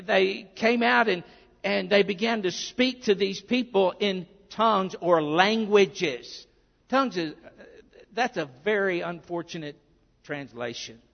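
Here a male preacher from Arkansas, US, talks in a raspy, high-pitched voice, sincere and conversational, often wandering into side remarks. The sound is muffled and flat, with long hall reverb hanging after him.

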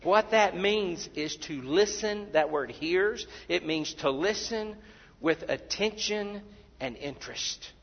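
A man preaching a sermon, who acts out the voices of the people he quotes and repeats words when he gets excited. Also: high-pitched, slow pace. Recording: dull sound in a big reverberant hall.

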